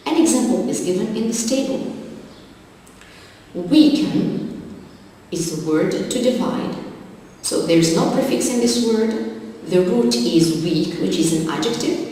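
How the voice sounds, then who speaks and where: A woman teaching an English exam-prep lesson, going through word lists slowly and methodically. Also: medium pitch, darkish tone, a little hiss or hum. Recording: echoey hall, distant mic.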